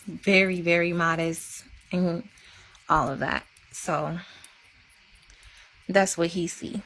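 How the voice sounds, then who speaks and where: A woman's voice: fairly low pitch, steady tone, slow pace, a bit bright. A woman chatting casually on a live stream, emphatic and repetitive for effect. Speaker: livestreamer.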